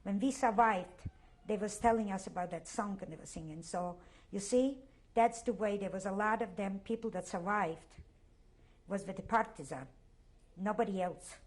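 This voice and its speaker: An older woman from Poland with a Polish accent, giving a halting, emotional oral history interview and often repeating herself. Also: mid-range voice.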